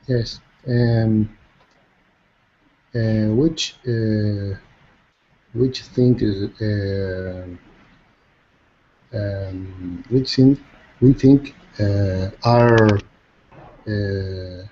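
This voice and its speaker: Slow, mellow-voiced male student. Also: fairly low pitch, steady tone, dull audio. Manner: hesitant, groping for a question, many fillers. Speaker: language student.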